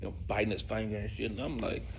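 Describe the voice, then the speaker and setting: A man telling a profane stand-up comedy story, swinging between loud bursts and hushed asides. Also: fairly low pitch, fast talker, vocal fry, slight background noise. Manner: profane, animated storytelling with sudden volume drops.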